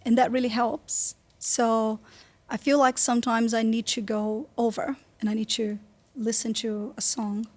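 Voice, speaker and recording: A woman's voice: fairly high pitch, little pitch movement, measured pace, darkish tone. A woman from Brazil with a Brazilian accent, chatting as a guest in a casual interview and laughing often. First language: Portuguese. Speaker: guest singer.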